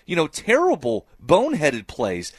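A man's voice: fairly high pitch, wildly swooping pitch, unhurried, slightly rough, dry recording, studio quality. A man co-hosting a sports talk show, making his points with emphatic repetition. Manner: emphatic, repeating phrases for effect. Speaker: sports radio co-host.

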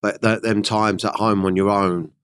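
A man hosting a podcast, asking questions in a blunt, relaxed way and swearing freely. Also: fairly low pitch, moderate pace, clear, resonant tone. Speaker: podcast host. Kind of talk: casual interview chat.

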